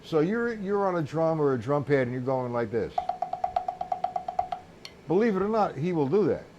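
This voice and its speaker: A man's voice: fairly high pitch, big pitch swings, moderate pace, a little mellow, dull audio, faint music behind. A man giving a casual live-streamed drum lesson, counting beats aloud as he explains technique. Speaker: drum teacher.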